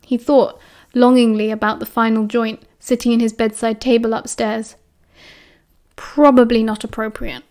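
A woman's voice: on the high side, flat delivery, moderate pace, a little mellow. A woman with a British accent reading an audiobook chapter aloud, shifting her voice for the characters. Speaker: audiobook narrator.

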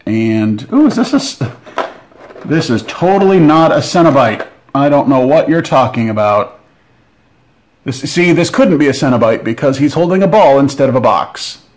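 A man of middle pitch chatters through a board game unboxing, joking as he goes. He gets giddy and keeps up a running commentary in a relaxed, informal tone. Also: normal speed. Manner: excitable, joking asides. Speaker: board game channel host.

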